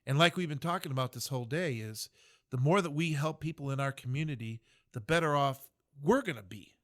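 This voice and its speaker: A man's voice: fairly high pitch, a little fast. A man in his fifties from the United States, a military veteran, speaking earnestly and reflectively as a podcast guest. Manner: earnest, reflective, many fillers and restarts. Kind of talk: podcast interview.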